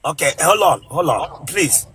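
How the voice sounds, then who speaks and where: A Nigerian man, Igbo by first language, hosts a comic live stream. His voice sits a bit high and rings bright. He is blunt and teasing, and he bursts into shouting. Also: lively intonation, measured pace, a little hiss or hum. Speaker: comedian host of a live stream.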